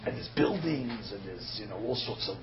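A man's voice: lowish voice, animated, moderate pace, a crowd in the background. A man preaching in a sermon that mixes in a story, emphatic and full of rhetorical questions, sometimes stumbling on fillers. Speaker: rabbi giving a sermon. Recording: dull lo-fi recording with faint ambience.

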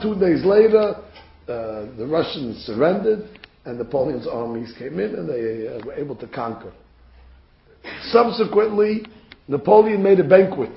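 A man teaching a Torah class, telling a story as an animated storyteller who builds to emphatic peaks, in a roomy, dull recording. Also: on the high side, creaky. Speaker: religious teacher.

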